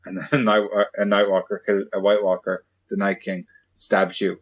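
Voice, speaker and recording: A man hosting a casual comedy podcast, peppering his friends with quick playful questions. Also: deep voice, flat delivery, breathy edge, highs cut off. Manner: playful, quick questions, jumps into silly voices. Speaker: podcast host.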